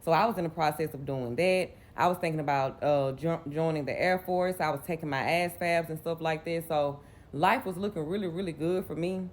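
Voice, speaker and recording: A woman's voice: low-pitched, fairly quick. A Southern US woman from Mississippi in her late twenties, telling a personal story in a candid, rambling way. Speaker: vlogger.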